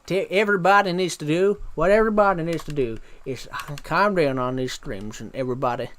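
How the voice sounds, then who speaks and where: A hammy, drawling American impression, done by a young man on a livestream. It is slow and a bit over the top. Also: on the high side, fairly bright tone, a little hiss or hum, lightly acted. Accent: put-on American.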